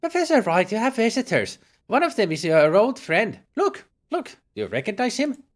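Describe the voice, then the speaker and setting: A man's voice: sing-song, moderate pace. A man doing a fussy old housekeeper with a German accent. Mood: coaxing. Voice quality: high fluttery put-on voice. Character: elderly female housekeeper, fussy and kindly.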